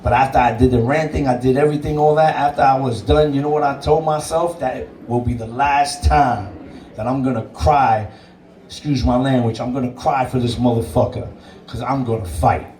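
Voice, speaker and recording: A man's voice: medium pitch, moderate pace, a little mellow, far from the mic, slight background noise. A man, a DJ, telling his own story in an interview, blunt and emphatic and swearing freely. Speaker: DJ and interview guest. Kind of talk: candid personal storytelling. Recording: roomy sound, away from the mic.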